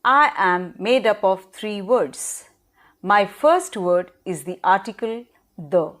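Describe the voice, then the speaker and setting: A woman teaches a lesson at a very slow, careful pace. Her pitch sits in the middle range. She sounds out new words letter by letter for her students. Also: animated, fairly bright tone. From Pakistan. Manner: slow, deliberate teacher's delivery, spelling words aloud. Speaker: English lecturer. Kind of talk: recorded classroom lesson.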